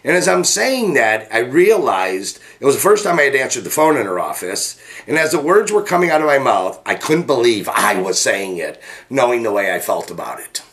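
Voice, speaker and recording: A middle-aged man coaching his listeners through a personal story, his voice energetic and lively. He speaks at a mid pitch and leaps higher when he acts out what people said. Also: moderate pace. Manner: energetic, animated, jumps pitch to act out quotes. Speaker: business coach. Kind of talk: motivational storytelling to camera.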